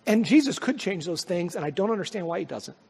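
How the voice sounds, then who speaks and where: A male pastor preaching a sermon, swelling to loud, high peaks and then dropping to soft, quiet lines. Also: expressive, fast talker, vocal fry, husky. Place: church sanctuary. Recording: long hall reverb.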